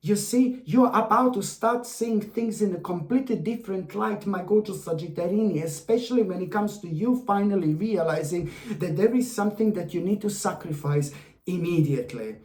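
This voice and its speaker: Gushing tarot reader doing a weekly horoscope, keeps repeating stuff, mid-pitched voice, echoey room. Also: moderate pace, a little mellow. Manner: effusive, repetitive, addresses the viewer fondly. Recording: roomy echo.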